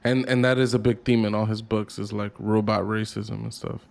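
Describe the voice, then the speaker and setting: A man's voice: on the low side, level tone, fairly quick, creaky, a little mellow. A man co-hosting a podcast in casual chat, swearing freely and often repeating words as he thinks aloud. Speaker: podcast co-host.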